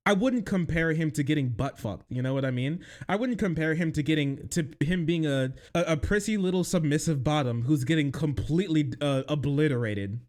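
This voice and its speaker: A young man streaming his reaction to news clips, mocking them loudly and crudely with bursts of laughter. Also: a little fast, few pauses. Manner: loud, mocking and crude, with frequent laughter and sudden high-pitched outbursts. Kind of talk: livestream reaction commentary.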